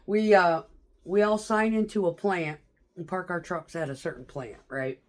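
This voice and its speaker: A middle-aged woman tells stories in a casual vlog, speaking at normal speed in a lowish voice. She's chatty and profane and laughs often.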